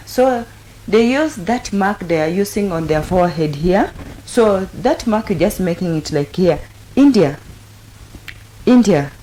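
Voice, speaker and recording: A woman's voice: on the low side, dark tone. A woman teaching sign language in a patient, repetitive way, with frequent fillers and restarts. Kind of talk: instructional explanation.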